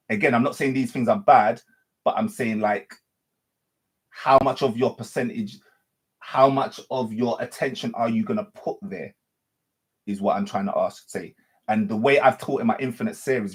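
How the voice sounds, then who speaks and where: A man's voice: mid-range voice, slightly rough. A man giving an unscripted spiritual monologue as a teacher, repeating and reworking his phrases and often correcting himself. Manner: repetitive, circling phrasing with frequent self-corrections.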